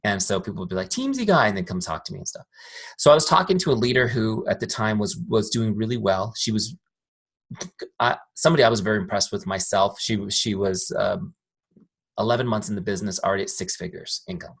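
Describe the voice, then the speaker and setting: Chatty man teaching a training, husky voice. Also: on the low side, a bit bright. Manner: chatty, storytelling, asks "make sense?" often. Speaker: software founder teaching a training. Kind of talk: casual live training talk.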